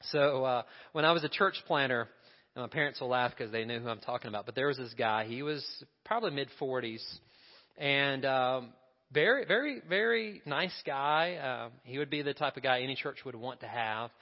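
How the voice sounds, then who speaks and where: A man's voice: medium pitch, moderate pace, in a large hall, highs cut off. A male pastor preaching a sermon in a conversational way, asking the congregation questions and adding asides.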